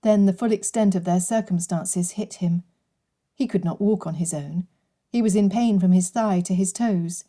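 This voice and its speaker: A woman reads an audiobook in steady, measured narration. Her voice is pitched somewhat low and sounds very warm and mellow. The delivery stays even and unhurried. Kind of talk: scripted narration.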